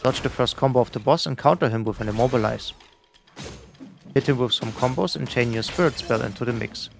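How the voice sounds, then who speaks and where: A man's voice: medium pitch, creaky, faint music behind. A middle-aged man giving a scripted, instructive voice-over for a game boss guide. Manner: brisk, instructive, even delivery.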